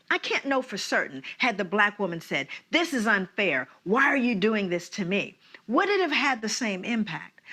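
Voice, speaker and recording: A middle-aged woman telling a personal story in an animated way, often checking in with her listeners. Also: mid-range voice. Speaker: speaker sharing a personal story. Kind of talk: storytelling talk.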